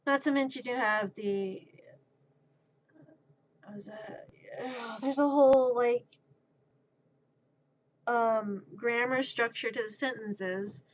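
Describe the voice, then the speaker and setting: Slow-talking playful woman streamer. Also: a little high. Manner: playful, rambling. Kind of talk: casual livestream chat. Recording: dull lo-fi stream audio.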